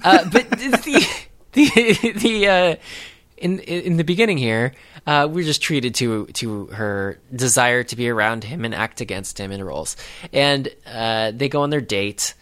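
A man's voice: medium pitch, a little slow, fairly bright tone. A man co-hosting a casual podcast, recapping a film in a rambling, hesitant way with lots of fillers and dry sarcasm. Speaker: podcast co-host.

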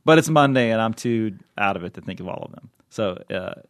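A male podcast host talks in loose, rambling chat full of fillers and small laughs. His voice sits low, and the sound is dry and close. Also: lively intonation, a little fast, no echo. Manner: rambling, chuckling, many fillers. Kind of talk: casual chat.

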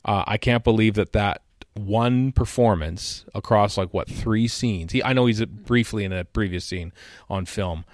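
A man's voice: on the low side, unhurried, no room sound, studio quality. A man co-hosting a podcast, chatting casually with a wry, laughing manner. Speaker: podcast co-host. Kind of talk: casual chat.

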